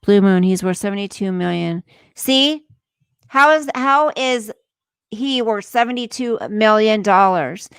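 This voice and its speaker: A woman's voice: medium pitch, measured pace, a bit bright, clean tone, no echo. A woman hosting a casual livestream, ranting indignantly, swearing, and reading news aloud to her viewers. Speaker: livestream host.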